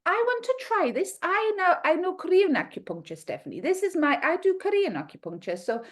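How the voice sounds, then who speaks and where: A woman's voice: very high-pitched, very animated, normal speed, voice pushed up. A woman putting on a stern Ukrainian lady doctor. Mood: earnest. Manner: broken English, formal and earnest.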